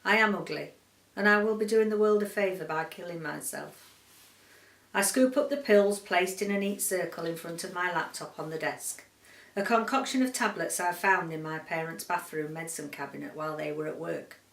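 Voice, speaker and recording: A woman book vlogger from the UK reading a short story aloud in a quiet, measured, subdued way. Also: on the low side, creaky, far from the mic. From United Kingdom. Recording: roomy echo, voice set back from the mic.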